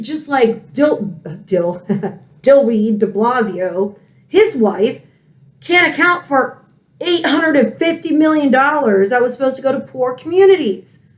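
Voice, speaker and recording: Brief: angry woman vlogger in her thirties, fiery rant, higher voice. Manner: angry, heated, swearing. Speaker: political commentary vlogger. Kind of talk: ranting commentary.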